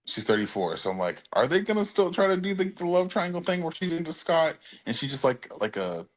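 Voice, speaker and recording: A man's voice: a little high, very animated, a little fast, poor audio. A man co-hosting a casual pop-culture podcast, laid-back, mostly reacting with short remarks. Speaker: podcast co-host.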